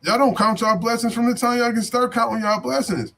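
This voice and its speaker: A man's voice: very high-pitched, a little fast, gravelly, fairly bright tone. A man in AAVE giving an unscripted motivational talk as a vlogger, preachy and repetitive, with profanity and street slang.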